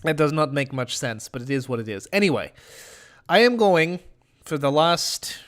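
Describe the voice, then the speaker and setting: A man doing a jokey Russian accent, deadpan and clipped, dropping little words as he goes. The voice sits a bit high for a man. It is an over-the-top stream bit, never fully serious. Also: normal speed. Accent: put-on comedy Russian. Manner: drops articles, deadpan. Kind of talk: live-stream commentary.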